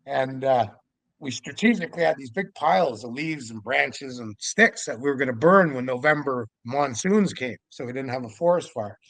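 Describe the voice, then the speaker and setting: An older man from Vancouver Island, Canada, a podcast guest telling his stories in a lively way and acting out the dialogue. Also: medium pitch, normal speed, no echo. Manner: lively storyteller who acts out the dialogue. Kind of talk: casual storytelling.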